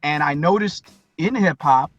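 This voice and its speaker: Brief: husky male podcast guest, animated storyteller, slightly lo-fi sound. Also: a little high, a little slow, dry recording, faint music behind. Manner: animated storyteller, acts out quotes. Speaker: guest, hip-hop intro performer. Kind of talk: casual storytelling interview.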